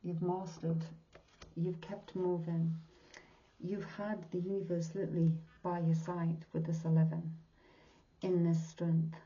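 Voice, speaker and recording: A woman's voice: lowish voice, level tone, measured pace, warm tone. A woman in her sixties, working as a medium, gives a tarot reading in an earnest, heartfelt way and often drops to a whisper. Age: 60s. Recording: dull lo-fi recording.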